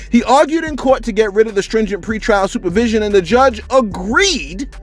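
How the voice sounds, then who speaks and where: A man, animatedly chatting through celebrity news and reading out viewer shout-outs. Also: extremely high pitch. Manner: animated, rhetorical, keeps saying "you know what I'm saying". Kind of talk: casual vlog commentary and viewer shout-outs.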